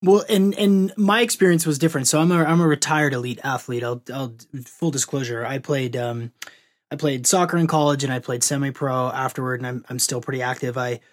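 A man's voice: mid-range voice, fairly even intonation, brisk. A man interviewing a guest, speaking candidly about his own experience with stammered restarts. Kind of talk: casual interview.

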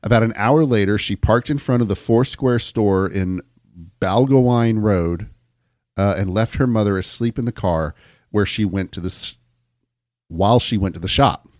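An American man with a fairly low voice reads long accounts aloud for a chatty podcast, tripping over a word here and there and restarting. The sound is dry and close, with no room in it. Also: normal speed, a little mellow, no room sound. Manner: reads long passages, stumbles and restarts, jokes along. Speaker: podcast co-host. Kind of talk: casual chat, reading aloud.

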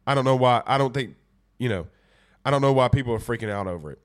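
A man's voice: mid-range voice, expressive, quick pace. A man with a stuffy, congested voice, hosting a casual sports talk show and rambling through viewer comments. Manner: laid-back, rambling with fillers. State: congested from a cold. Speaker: podcast host.

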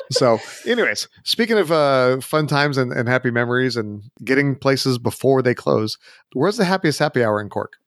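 A man hosting a travel podcast, asking quick questions and laughing along with his guest. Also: medium pitch, animated, fairly bright tone, no echo, clean studio sound. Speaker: podcast host. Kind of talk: casual interview hosting.

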